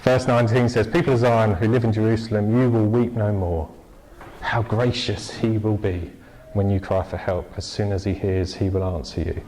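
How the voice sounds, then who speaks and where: A man preaching a sermon in a relaxed, conversational way, telling stories with lively bursts and restarts. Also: fairly low pitch, moderate pace, slight background noise, rough recording. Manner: conversational, animated storytelling with restarts. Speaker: pastor.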